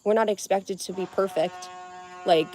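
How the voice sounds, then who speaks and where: A woman's voice: medium pitch, steady tone, normal speed, mellow, slight background noise. A young woman live streaming in casual, rambling chat, dry-lipped and just woken up, talking in loose restarts. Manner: chatty and rambling, many "like"s and restarts.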